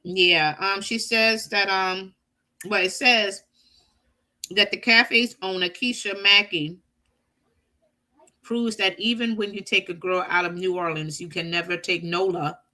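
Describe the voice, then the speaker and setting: A middle-aged woman with a bright, clear voice co-hosts a relaxed talk show. She reads a news story aloud at a steady pace, stumbling and restarting now and then. She chats easily with her co-host between passages. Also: medium pitch, measured pace. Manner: reads aloud with small restarts, warm laughs. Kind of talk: casual chat, reading an article aloud.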